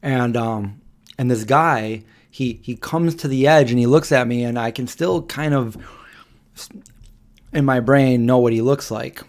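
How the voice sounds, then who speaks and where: A man in his forties hosting a live Q&A stream, telling stories in a rambling, halting way with many pauses and restarts. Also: mid-range voice. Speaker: livestream host. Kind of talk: casual storytelling on a live Q&A stream.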